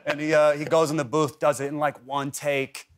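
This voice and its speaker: A man's voice: on the high side, level tone, normal speed. Talk show guest, man, 30s, rambling anecdotes, casual TV studio chat. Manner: rambling storyteller, heavy on "like" and restarts.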